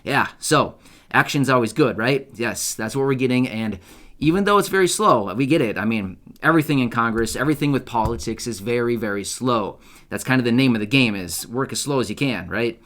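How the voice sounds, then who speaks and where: A man hosting an online news channel, talking casually and excitedly to his viewers and often checking for agreement. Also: medium pitch, fairly quick. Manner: chatty, upbeat, asks viewers for agreement with repeated "right?"; loose, self-correcting delivery with fillers and restarts. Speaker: YouTube news host. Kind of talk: casual direct-to-camera commentary.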